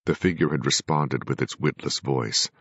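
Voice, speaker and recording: A man narrating a first-person audiobook with measured, grave storytelling. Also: very deep voice, fairly bright tone, husky, no room sound. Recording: dry, dull lo-fi recording.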